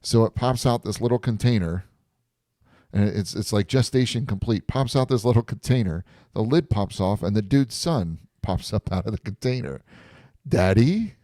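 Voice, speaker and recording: A man's voice: lowish voice, normal speed, mellow, no echo, clean studio sound. A man hosting a live stream chat, animatedly retelling a story and laughing often.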